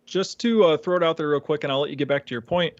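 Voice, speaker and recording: A man's voice: a little high, fast talker, no room sound, highs cut off. A man co-hosting a podcast in casual discussion, hesitant and full of fillers. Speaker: podcast co-host.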